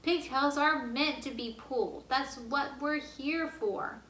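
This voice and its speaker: A woman's voice: high-pitched, takes it slowly, fairly bright tone, reverberant. A woman voicing a talking pigtail that wheedles and pleads to be pulled, read aloud from a storybook. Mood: coaxing. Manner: coaxing, pleading.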